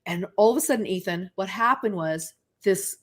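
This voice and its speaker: A woman guest tells stories casually on a radio talk show. She keeps her voice at an everyday middle pitch and acts out the voices of people she quotes as she goes. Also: moderate pace. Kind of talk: casual interview storytelling.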